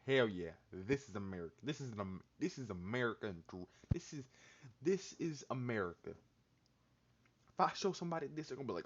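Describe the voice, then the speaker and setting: A man's voice: mid-range voice, lively intonation, a little fast. Slangy joking man, lo-fi sound. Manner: slangy, loose and joking, lots of "like" and "bro". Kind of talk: casual chat. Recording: dull lo-fi sound.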